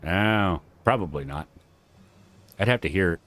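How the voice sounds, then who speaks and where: A man's voice: low voice, lively intonation, a little slow, fairly bright tone. Southern man voicing game dialogue on stream. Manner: casual, profane, switches between reading lines and chatting.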